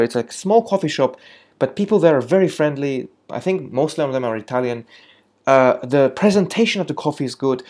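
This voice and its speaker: Hesitant and prone to fillers and restarts, a coffee reviewer from London ranks coffee shops while chatting to camera. His voice is mid-range and darkish, gaining energy each time he says "moving on".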